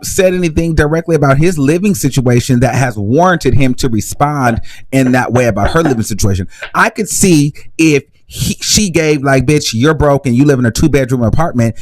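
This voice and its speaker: A man hosting a live reaction commentary, talking in a sassy, animated gossip style. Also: mid-range voice, dry recording. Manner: sassy, animated gossip with shrieking laughs and mock voices. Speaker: commentary host.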